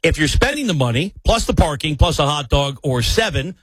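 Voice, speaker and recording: A man's voice: fairly high pitch, sing-song, fairly quick, breathy edge, no echo, low-quality recording. A man filling in as a sports talk host, delivering an opinionated monologue with emphatic rants and rhetorical questions. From New York area.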